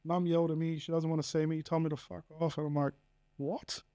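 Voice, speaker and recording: A man's voice: a little high, level tone, fast talker, warm tone, clean tone. An Australian man in his thirties, a podcast guest telling his story bluntly, swearing freely and acting out quoted dialogue. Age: 30s. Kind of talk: candid personal storytelling.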